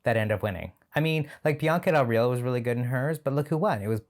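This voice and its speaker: A man's voice: medium pitch, lively intonation, fast. Chatty sardonic man reviewing a show. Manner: chatty, sardonic, laughs often. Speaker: reaction video host. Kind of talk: casual reaction commentary.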